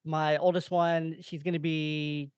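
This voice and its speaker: A man's voice: on the high side, flat delivery, unhurried, a little mellow, clear, resonant tone, no room sound. A man in his twenties, a guest on a casual podcast, talking earnestly and reflectively with frequent restarts. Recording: slightly dull lo-fi sound.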